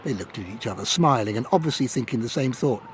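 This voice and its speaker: A man reading a story aloud as an audiobook narrator, with expressive storytelling delivery. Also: fast talker, a little hiss or hum. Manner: expressive reading, voices characters in high put-on tones.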